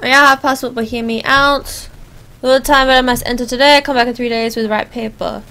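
A woman voicing a desperate traveler who pleads in broken English, rushed and urgent. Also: fairly high pitch, fairly even intonation, bright, forceful tone, poor audio. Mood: pleading.

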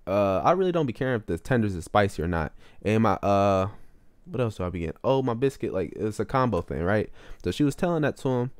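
A man's voice: fast, clear, resonant tone, no echo, studio quality. A young man rambling through a casual storytime monologue in slangy speech, full of fillers. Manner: animated, with sudden jumps up in pitch. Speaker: vlogger telling a story.

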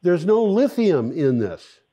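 Mellow-voiced male show host. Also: high-pitched, sing-song, slow pace. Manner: chatty, explaining step by step. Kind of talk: casual explanatory chat.

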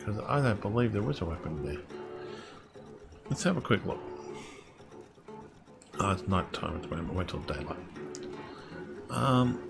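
A man with a very deep, low-pitched voice talks through a game as he plays, rambling and thinking aloud in a casual way. Guitar music plays clearly in the background. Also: expressive, measured pace, long pauses. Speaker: gamer streaming his play. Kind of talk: casual let's-play commentary.

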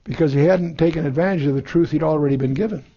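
Reading scripture aloud and then explaining it verse by verse, a male Bible teacher stumbles through plenty of fillers and restarts. He talks fast in a warm, fairly high voice, and the recording sounds muffled.

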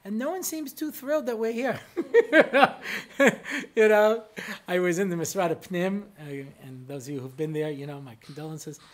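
A man's voice: high voice, animated, normal speed. A middle-aged American man, a rabbi giving a humorous lecture, telling anecdotes in a chatty way with constant "you know" asides. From United States.

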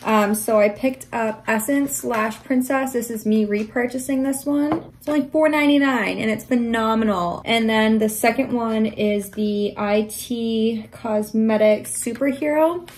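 A woman's voice: on the high side, a little slow, hardly any pauses, a little mellow, slight background noise. A young adult woman chatting casually in a haul vlog, enthusiastic and sometimes dropping into a half-whisper. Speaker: vlogger.

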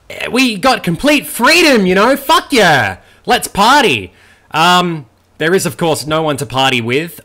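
A young Australian man commenting on a video game as he plays, excitable and jokey, swearing a lot. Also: medium pitch. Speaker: gaming channel host. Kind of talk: let's play commentary.

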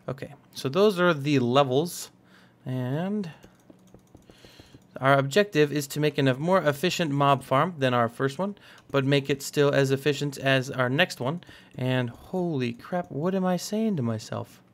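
A young gaming channel host casually talks through a building game in let's-play commentary, rambling, joking and poking fun at himself. His voice is medium-pitched and measured in pace.

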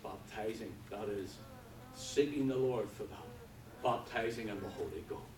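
A man preaching a sermon with fervor, swinging from quiet talk to loud passages. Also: lowish voice, measured pace. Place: church hall. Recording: echoey hall from far off with background noise.

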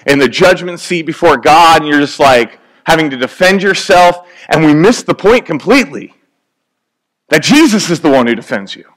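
A man's voice: fairly high pitch, animated, moderate pace, fairly bright tone. A man preaching a sermon in a conversational, joking way, acting out little scenes.

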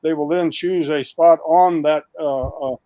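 An older man talks eagerly and emphatically, stacking up lists and restarting his sentences as he pitches. His voice sits a little high for a man and sounds close and dry. He is heard over a video call. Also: measured pace, no echo. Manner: animated, emphatic listing, restarts. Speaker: guest. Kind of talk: enthusiastic pitch of a project.

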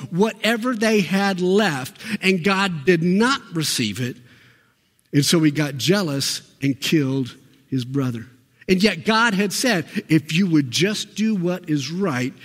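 A pastor with a high voice preaches emphatically in a church sanctuary, peppering the congregation with rhetorical questions. A long reverb tail follows his words.

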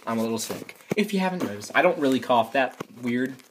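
A woman vlogging at home on a handheld camera, rambling casually, swearing often, jumping between loud yelling outbursts and low muttering. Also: background noise. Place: at home, walking through rooms.

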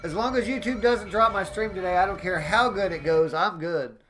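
Excitable high-voiced man streaming a game. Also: a little fast, a little hiss or hum, rough recording. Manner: excitable, keeps exclaiming and greeting chat. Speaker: gaming live streamer. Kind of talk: live gameplay commentary.

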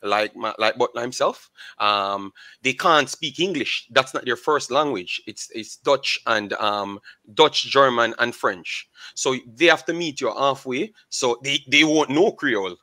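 A Jamaican man speaking as a guest on a panel show, earnest and halting, with many fillers. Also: mid-range voice, lively intonation, pushed and bright, no echo. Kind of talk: panel discussion.

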